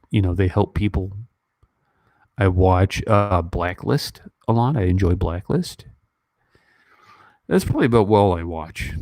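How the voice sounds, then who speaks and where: A YouTube movie reviewer from the United States, a man in his fifties, chats casually about movies on a livestream, rambling with lots of fillers and restarts. His deep voice is a little mellow, and his nose is stuffy from crying. There's no room sound.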